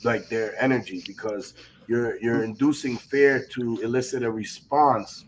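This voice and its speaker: A man's voice: medium pitch, steady tone, measured pace, slight background noise, poor audio. A man in casual stream chat who talks earnestly, repeats words as he thinks, and swears.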